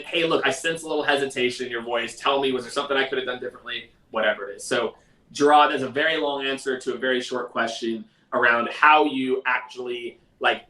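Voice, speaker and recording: A man hosting a live sales question-and-answer stream in a casual, energetic, conversational way. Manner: energetic, conversational, mimics others in a high voice. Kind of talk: casual livestream talk. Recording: roomy echo, mic at a distance.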